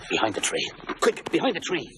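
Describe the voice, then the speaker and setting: A fretful excitable tramp, Vladimir. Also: male voice, fairly high pitch, a little fast. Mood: agitated. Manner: fretful and theatrical, swinging between bursts and mutters. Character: anxious talkative male tramp, fussy, excitable. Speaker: film actor. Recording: film soundtrack with steady hiss.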